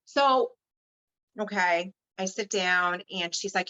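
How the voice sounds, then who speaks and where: A woman's voice: medium pitch, takes it slowly, pushed and bright. A woman guest telling her personal story frankly and without a filter, swearing freely and acting out what others said, in a slightly dull recording. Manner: frank and unfiltered, swears freely, acts out quoted dialogue. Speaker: podcast guest.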